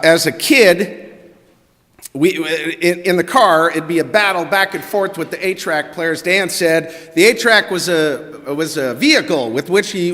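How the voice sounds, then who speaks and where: Bright, animated man telling a story in a church. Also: on the high side. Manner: animated, quotes people in their own voices. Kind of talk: personal story told to a congregation. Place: church sanctuary. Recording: long reverb of a church hall.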